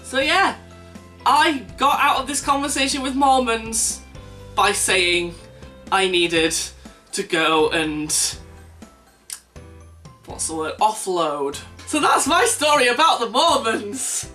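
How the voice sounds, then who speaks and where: A young man telling a self-mocking anecdote for his vlog, animated and laughing at his own jokes. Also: very high voice, slow pace, long pauses. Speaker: vlogger. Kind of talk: casual anecdote storytelling. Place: indoors at home. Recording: distant mic with faint background music.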